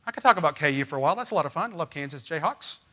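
A man preaching a sermon as pastor, emphatic and swinging from loud, rising lines to quiet ones. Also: a little high, animated, racing. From Missouri. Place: church.

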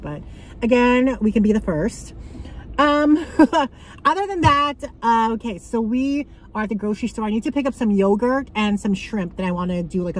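A woman from Canada, talking casually and bluntly to her viewers on a handheld phone, swearing freely and swinging between excitement and annoyance. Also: medium pitch, slight background noise, poor audio. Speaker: vlogger. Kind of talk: casual vlog chat. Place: car and grocery store.

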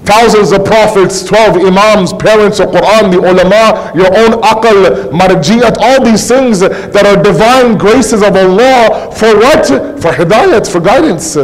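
A man's voice: high voice, animated, unhurried, hardly any pauses, in a large hall, rough recording. A male preacher giving a conversational sermon full of rhetorical questions and acted-out quotes. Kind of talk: religious sermon.

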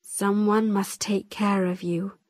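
Rich: A calm, kindly gentleman who questions patiently and gently, read by a woman. The voice is husky and fairly high, spoken very slowly. The sound is close and dry. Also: dry recording.

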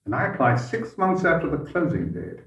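An older man with an educated Edinburgh Scottish accent, a guest in an interview, telling stories in a measured way with frequent pauses. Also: fairly high pitch, sing-song, a bit bright. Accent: Edinburgh middle-class Scottish. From Edinburgh, Scotland. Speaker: guest, former politician. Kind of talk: relaxed podcast interview. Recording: roomy, distant, slightly dull sound.

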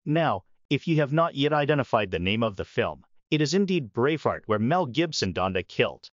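A man in his forties begins his sermon by reflecting on a personal memory. His pitch moves freely, and the recording is dry and a little muffled. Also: sing-song, moderate pace, no room sound. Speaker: preacher.

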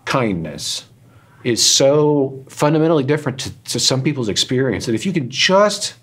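A man's voice: medium pitch, very animated, moderate pace, a bit bright, husky. A man being interviewed, telling candid personal stories in an earnest, self-deprecating, rambling way, emotional at times. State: emotional, choked up in places. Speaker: interview guest, author and radio host.

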